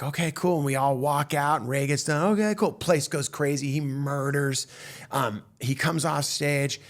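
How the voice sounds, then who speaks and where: A male stand-up comedian with a medium-pitched voice tells a story as an animated, self-mocking monologue. His delivery is full of restarts and fillers.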